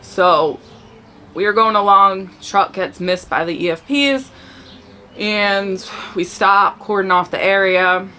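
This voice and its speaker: A woman's voice: lowish voice, bright, forceful tone, a little hiss or hum. A woman who served in the army, giving an earnest, conversational personal testimony full of fillers and restarts.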